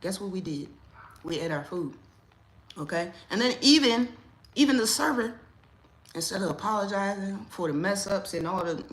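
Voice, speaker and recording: A woman hosting a casual livestream, telling a story. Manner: animated, rising loud and high when riled. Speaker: livestream host.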